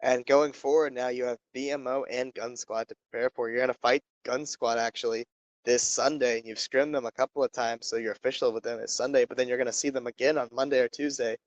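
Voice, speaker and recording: Flat-voiced young caster, dry audio. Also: male voice, medium pitch, fast talker, dry recording, rough recording. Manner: joking, teasing interviewer. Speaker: esports caster. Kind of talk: casual post-match interview.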